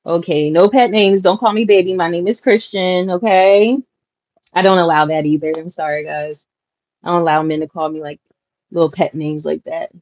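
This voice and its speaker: A woman's voice: lowish voice, steady tone, normal speed, darkish tone, dry recording. A young woman hosting a casual livestream from home, chatting with viewers, reading their comments and laughing often. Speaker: livestream host. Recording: dull lo-fi livestream audio, dry.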